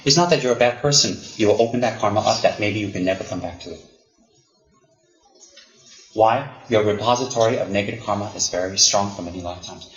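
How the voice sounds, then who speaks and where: A man teaching Buddhism to students, animated and teasing, often repeating himself for emphasis. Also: fairly low pitch, quick pace. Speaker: Buddhist lama. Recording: roomy, dull lo-fi hall recording.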